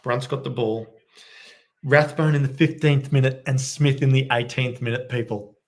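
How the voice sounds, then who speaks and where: Fan watchalong host: a man calling the game with quiet excitement at home late at night, medium pitch. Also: moderate pace. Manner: excitable, bursts into loud cheering. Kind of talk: live match commentary for viewers.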